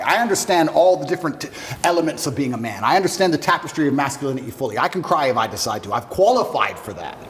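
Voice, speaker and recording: A man in his thirties speaks fast and forcefully in a high, lively voice, firing rhetorical questions as an interview guest. His voice rings out with a long reverb. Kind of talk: emphatic interview talk.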